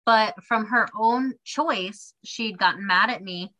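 A young woman with a bright, clear voice tells a family story to her sister. She talks in a relaxed, chatty way, with sarcastic asides and lively quoted voices. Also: mid-range voice, slow pace, rough recording. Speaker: podcast co-host. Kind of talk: casual chat.

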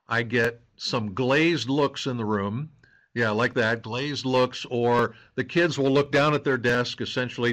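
A male podcast host speaks casually. His voice is of middling pitch, and he moves easily from an announcement to an open question for his guest. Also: steady tone, measured pace, fairly bright tone. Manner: casual, conversational. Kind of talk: podcast hosting and interviewing.

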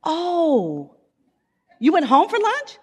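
A woman voicing her normally calm husband, caught off guard on a phone call and asking incredulous questions. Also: extremely high pitch, slow pace, big-room sound, pitched above the performer's own voice, exaggerated voice.

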